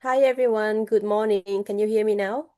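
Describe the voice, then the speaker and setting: Woman, new agent, eager, mellow voice, video call. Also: mid-range voice, steady tone, normal speed. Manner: polite, eager, non-native grammar. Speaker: new real estate agent.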